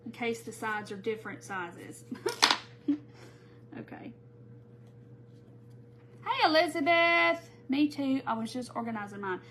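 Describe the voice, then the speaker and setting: A woman's voice: a little high, very animated, unhurried, long pauses, noisy background. A woman hosting a live crafting tutorial, chatting casually and greeting viewers by name as she works. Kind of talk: live-stream crafting chat.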